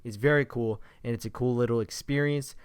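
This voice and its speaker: A young man giving casual, excited impressions of games he played, rambling with fillers and restarts. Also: mid-range voice, brisk, clear, resonant tone, no room sound, studio quality. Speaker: gaming vlogger.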